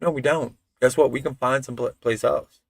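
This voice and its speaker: A man's voice: medium pitch, steady tone, moderate pace, gravelly, dry recording. Rambling, profane man streaming live. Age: adult father of a toddler. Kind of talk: casual live-stream chat.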